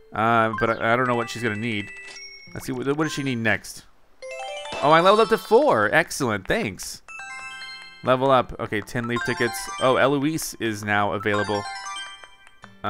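Bright-voiced man doing game commentary. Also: medium pitch. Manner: chatty, wonders aloud, talks to viewers. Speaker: gaming YouTuber. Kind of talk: let's play commentary.

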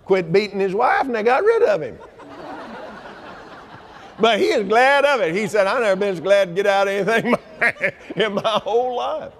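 A man preaching a sermon at a convention, folksy and animated, sometimes shouting and leading the crowd in repeating lines. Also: high-pitched, moderate pace, long pauses. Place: large convention hall. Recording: long hall reverb.

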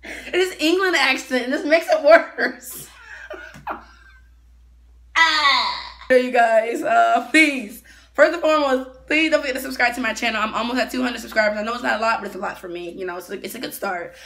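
A woman's voice: on the high side, moderate pace, sharp tone. A woman chatting casually as she reacts to a video, giggly and full of fillers.

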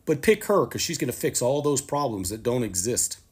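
A man delivers political commentary in a husky voice that rises and falls a lot, leaning on sarcasm and rhetorical questions. His pitch sits in the middle of a man's range. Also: big pitch swings, fairly quick.

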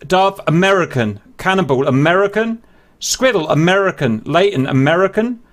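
A man's voice: sits high, lively intonation, moderate pace. A British man hosting a flight-sim multiplayer event, teasing the players and briefing them on the rules in a joking, sarcastic manner. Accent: British English. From Britain. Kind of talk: casual hosting banter and rule briefing.

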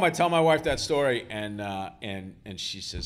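A man with a fairly low voice tells wry, self-mocking stories to a live audience. He speaks in bursts with many ums and restarts and a dry, amused timing. The talk is loose and unscripted. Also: animated, moderate pace, few pauses. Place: school auditorium before an audience.

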